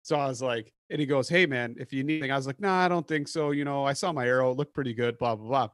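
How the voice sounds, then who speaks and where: A man's voice: medium pitch, racing, no echo, studio quality. Man host acting out his story. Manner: animated storyteller acting out quotes. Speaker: podcast host. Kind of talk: casual chat, hunting story.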